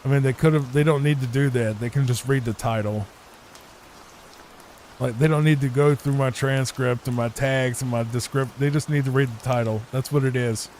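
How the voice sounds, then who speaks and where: The speaker is a male gaming YouTuber with a medium-pitched, darkish voice, fairly even intonation and a normal pace. He gives rambling, improvised sleep-time commentary over gameplay, repeating himself often. A desk mic at his home computer catches slight background noise.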